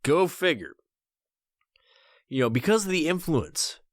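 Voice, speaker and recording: This podcast host's voice is on the high side and his pace measured, captured dry with clean studio sound. His casual rant is profane and animated, wandering with frequent restarts.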